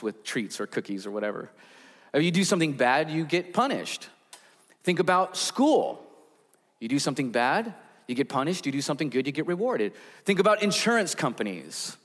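A man, a pastor, preaching a sermon in a conversational storytelling way with frequent fillers. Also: fairly high pitch. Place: church sanctuary. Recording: long church hall reverb.

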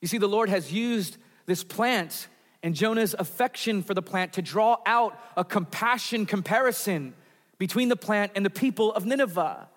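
Male pastor, high-pitched, earnest sermon delivery with dramatic drops, long church reverb. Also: moderate pace, fairly bright tone. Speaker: preacher. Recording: reverberant hall.

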